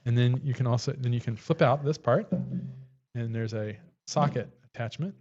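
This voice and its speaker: A man's voice: medium pitch, normal speed, darkish tone, lo-fi sound. A man co-hosting a casual livestream, rambling as he shows off a tool kit on camera. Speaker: livestream co-host.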